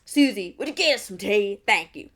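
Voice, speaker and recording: A woman voicing a brash, bitter middle-aged lizard mother with a put-on Southern US accent, loud and drawling. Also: medium pitch, animated, moderate pace.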